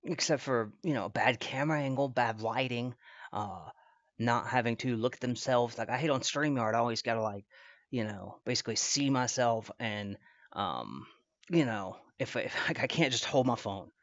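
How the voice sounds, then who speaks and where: A man's voice: medium pitch, normal speed, fairly bright tone, no echo, highs cut off. A man streaming from his computer, talking casually in a rambling, profane, trash-talking way. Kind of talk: casual live-stream reaction. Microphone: computer mic at desk.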